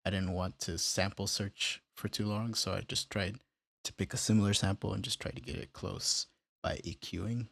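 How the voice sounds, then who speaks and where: A man casually walking through how he built a beat, step by step, in a relaxed, plain way. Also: lowish voice, gravelly, no echo. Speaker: music producer tutorial host. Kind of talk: casual screen-recorded tutorial.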